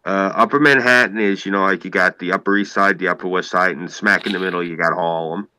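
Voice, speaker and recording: A man's voice: low voice, steady tone, quick pace, sharp tone, clear, resonant tone, poor audio. A man with a New York accent in casual podcast chat, rambling and emphatic, swearing freely and using "like" a lot. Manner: rambling, emphatic, profane, heavy use of "like".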